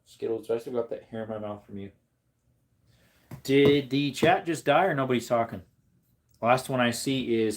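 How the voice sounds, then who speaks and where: A man chatting casually on a livestream, rambling to his viewers and breaking into high baby talk with his dog. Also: moderate pace, pauses often, slight background noise.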